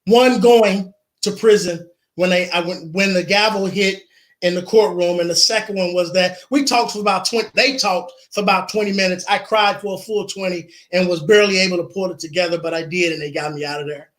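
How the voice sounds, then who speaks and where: A man's voice: high voice, fairly even intonation, a little fast, a bit bright. A man speaking as an interview guest, telling his own story earnestly and repeating phrases for emphasis. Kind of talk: personal storytelling in an online interview.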